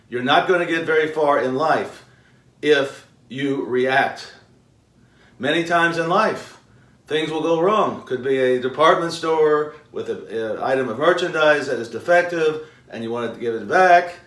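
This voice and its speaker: A man delivering a motivational lecture, his voice sitting a little high for a man. He leans on rhetorical questions and long, weighty pauses. The room is echoey and the mic is set well back from him. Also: a bit bright. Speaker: self-help video host. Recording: roomy echo, mic far off.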